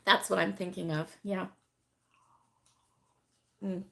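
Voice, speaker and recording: The middle-aged crochet channel host speaks slowly and flatly in a lowish voice during a casual live stream. Hoarse from a recent illness, she still laughs often and addresses viewers by name.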